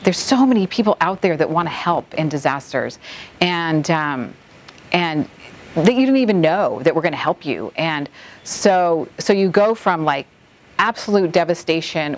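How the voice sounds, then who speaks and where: A middle-aged woman from the Bahamas, an environmental nonprofit director, recalling a hurricane in an interview, halting and close to tears with many restarts. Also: low-pitched, animated. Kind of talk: emotional interview recollection.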